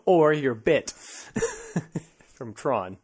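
A man's voice: on the high side, wildly swooping pitch, drawn-out words, a little mellow, slightly rough. A man co-hosting a podcast, bantering casually and laughing often between jokes. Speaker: podcast co-host.

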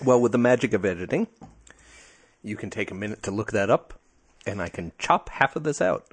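A man co-hosting a podcast, talking in a relaxed, dry, casual way. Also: lowish voice, brisk, slightly rough. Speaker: podcast co-host.

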